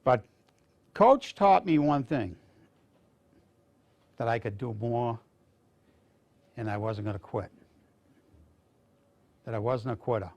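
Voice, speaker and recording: Older man with a gravelly voice, telling a story. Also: medium pitch, takes it slowly, pauses often, darkish tone. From Maine, USA. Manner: rambling, folksy anecdotes with restarts. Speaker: veteran guest speaker. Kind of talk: casual storytelling to students.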